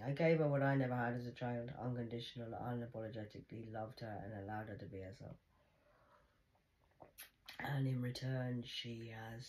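A woman's voice: a bass voice, moderate pace, darkish tone, poor audio. An older woman, talking in a bitter, blunt confessional monologue, often muttering.

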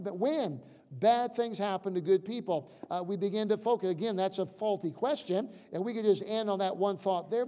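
A man preaching a sermon as pastor, repeating himself, dropping to a hush for prayers and rising loud to drive points home. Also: sits high. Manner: preaching with repetitions and acted prayers; drops to a hush for prayers, rises loud when driving a point. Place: church sanctuary. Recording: reverberant church hall.

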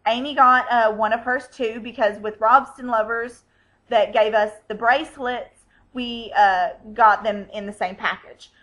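A woman's voice: on the high side, steady tone, a little slow, fairly bright tone, poor audio. A woman hosting a fan vlog, chatting casually in a bubbly, gushing way. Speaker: vlog host.

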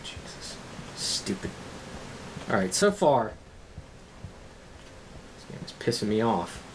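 A gaming channel host doing let's-play commentary, swearing and yelling at the game in frustration. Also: medium pitch, sing-song, slow pace, whispered.

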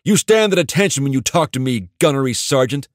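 A man's voice: fairly low pitch, a little fast, dry recording, clean studio sound, lightly acted. A man narrating an audiobook and voicing a young male Marine officer who turns commanding and barks orders.

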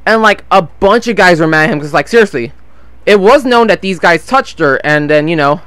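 While playing a game, a nineteen-year-old gameplay vlogger tells a long, rambling story, swearing freely, losing his train of thought, and forgetting names. His high-pitched voice is animated and fairly quick, with a fairly bright, clean tone and no echo.

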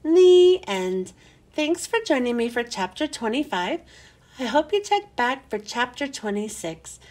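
A woman reading a children's chapter book aloud, slow and expressive. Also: fairly high pitch.

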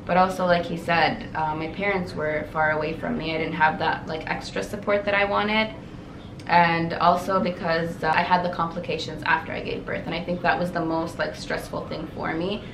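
Here a young woman from Canada vlogs in a casual chat, full of "like" and "you guys," her lowish voice level in tone with vocal fry and a moderate pace. The room sounds echoey, with a faint noise underneath.

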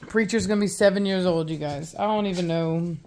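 A woman's voice: on the low side, a little fast, darkish tone, a little hiss or hum. A woman hosting a casual vlog by the fire, slipping into affectionate baby talk with her puppies. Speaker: dog breeder and channel host. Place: indoors by a fire. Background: dogs.

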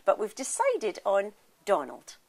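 A woman's voice: medium pitch, huge pitch swings, measured pace, darkish tone, breathy edge, heavily acted. A woman doing a homely Scottish mother.

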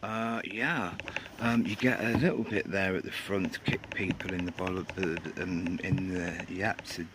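A man's voice: low-pitched, fairly even intonation, unhurried, background noise. Rambling man reviewing shoes outdoors. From England. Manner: rambling, jokey, swears under his breath. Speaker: sneaker reviewer. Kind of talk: casual outdoor product review. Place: outdoors on a cold grey day.

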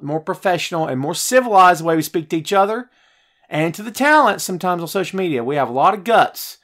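A podcast host, a man, rants about wrestling with a high, very lively voice that leaps up and drops low as he gets fired up. He swings from loud outbursts to muttered asides while answering his live chat. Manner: animated, fired-up ranting, swings loud and soft. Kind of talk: heated wrestling rant.

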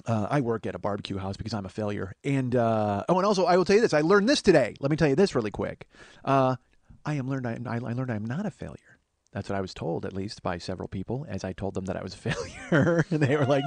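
A man's voice: mid-range voice, expressive, fast talker, a little mellow, no room sound. A man in his forties giving a rambling, profane, self-deprecating comic monologue as a podcast host. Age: 40s.

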